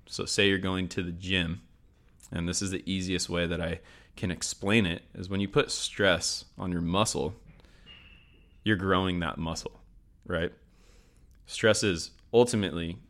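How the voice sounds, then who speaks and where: A man with a deep, slightly bright voice hosts a sport and performance psychology session. His scripted educational talk is upbeat, and he repeats his key points.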